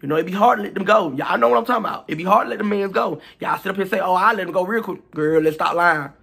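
Fast talking guy spilling gossip to the camera, bright tense tone, real chatty. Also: high-pitched, vocal fry, slightly rough. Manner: animated, profane, chatty gossip addressing viewers directly. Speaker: storytime vlogger. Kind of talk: casual storytime vlog.

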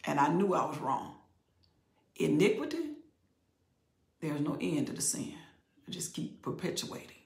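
An older woman giving animated Bible teaching in an expressive, conversational preaching manner, sometimes dropping to near whispers. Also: low voice, measured pace, long pauses. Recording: roomy echo.

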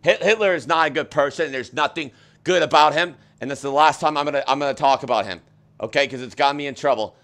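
A man hosting a comedic livestream with a slightly high voice. He talks in an excitable, mock-earnest way and keeps repeating himself to make his point. He comes through a webcam setup. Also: fast talker. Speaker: host.

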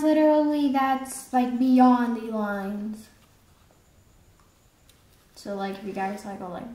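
A woman's voice: high voice, animated, slow, roomy sound. A woman giving a casual, chatty drawing lesson, rambling into playful asides as she draws. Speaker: drawing teacher.

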